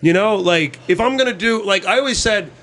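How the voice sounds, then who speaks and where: A man with a high, lively voice hosts a casual podcast chat. He talks in an animated, profane way and keeps slipping into quick impressions between his points. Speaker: podcast host.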